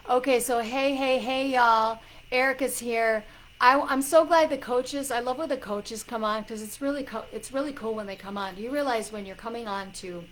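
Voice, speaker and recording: A woman hosting a casual livestream as a psychic coach, warmly greeting viewers by name with loud excited bursts. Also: a little high, a little hiss or hum, low-quality recording.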